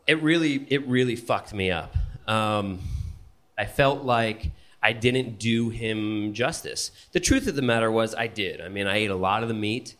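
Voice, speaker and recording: A man telling a personal story on stage at a live event, animated and profane, often laughing as he talks. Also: fairly low pitch, a little slow.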